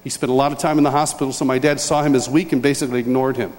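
An older man from upstate New York, preaching a sermon as a lively personal story with chuckles and restarts. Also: medium pitch, rapid-fire. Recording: long hall reverb.

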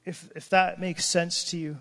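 A man's voice: high-pitched, flat delivery, moderate pace, vocal fry, a bit bright. A man preaching an emotional sermon, crying out in prayer and breaking off mid-sentence. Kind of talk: impassioned sermon. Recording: long hall reverb.

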